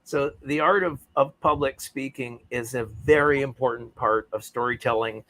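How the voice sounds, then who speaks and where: A man's voice: mid-range voice, normal speed, fairly bright tone. A man who writes and coaches speakers, answering interview questions in an articulate, rhythmic, emphatic way. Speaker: guest, author and speaking coach.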